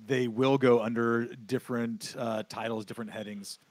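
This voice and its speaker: A man's voice: mid-range voice, fairly even intonation, normal speed, no echo. A man hosting a casual podcast discussion, handing the floor to guests with short prompts. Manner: brief prompts, short agreements. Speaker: podcast host.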